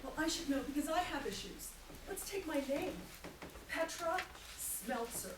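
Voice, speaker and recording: Woman with a wry, lively comic monologue. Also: high voice, a little slow. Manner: wry, self-mocking, punchy delivery. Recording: roomy hall from far off, some noise.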